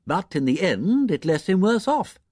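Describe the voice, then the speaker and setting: A man voicing a sharp, caustic middle-aged woman don who speaks in a tart, emphatic way. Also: high-pitched, big pitch swings, moderate pace, no echo, clean studio sound, voice pushed up.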